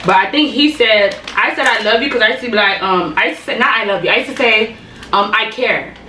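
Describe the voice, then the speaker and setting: A woman's voice: on the high side, a little fast, pushed and bright, slight background noise. A young woman in casual, blunt, slangy chat with a friend while she does her makeup. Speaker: beauty vlogger. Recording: echoey room, mic at a distance.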